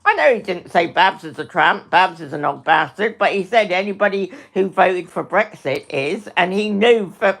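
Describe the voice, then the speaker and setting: A woman's voice: mid-range voice, gravelly, a bit bright. A middle-aged woman hosting a livestream, ranting angrily and swearing, often repeating herself and speaking to her chat by name. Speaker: livestream host. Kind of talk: angry livestream rant.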